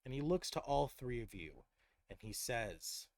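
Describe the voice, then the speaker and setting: A man running a tabletop game as game master, narrating in a quick, animated way with restarts. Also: mid-range voice, no echo, studio quality.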